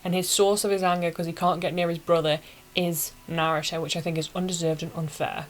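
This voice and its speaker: A woman's voice: lowish voice, little pitch movement, quick pace, rough recording. A young woman hosting a casual anime recap, talking in a chatty, slangy, opinionated way.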